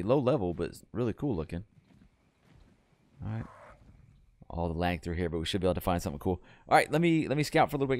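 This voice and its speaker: A young adult man casually commenting on his video game as he plays, chatty and breaking into excited yells when things go wrong. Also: lowish voice. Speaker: gaming channel host.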